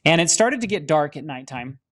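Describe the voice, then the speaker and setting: A man's voice: fairly high pitch, sing-song, fairly quick, fairly bright tone. A man, a film studio director, telling his personal faith testimony in an earnest storytelling manner, often restarting his sentences. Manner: earnest storytelling with many restarts and dramatic acted-out quotes.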